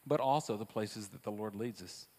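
A man preaching a sermon, moving between quiet asides and loud, emphatic repetition. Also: lowish voice, normal speed. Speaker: pastor. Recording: long reverb of a large hall.

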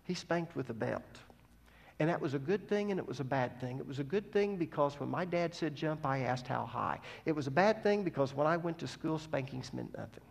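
A man with a slightly high voice preaches a sermon. His delivery is emphatic and swings from loud, stressed points to quiet asides. His voice carries a long hall reverb, as in a church sanctuary. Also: expressive, a little fast, gravelly. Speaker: preacher teaching scripture.

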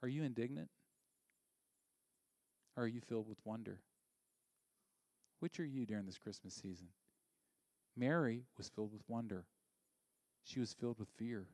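A male pastor preaching a sermon. He is animated and sometimes drops to a hushed near-whisper for emphasis. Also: mid-range voice, normal speed, pauses often, no echo.

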